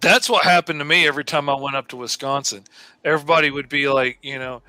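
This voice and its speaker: A man's voice: fairly high pitch, quick pace, pushed and bright, smooth, no echo. A middle-aged man, chatting easygoing on a livestream, full of "you know"s. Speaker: artist co-host. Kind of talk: casual chat on a livestream.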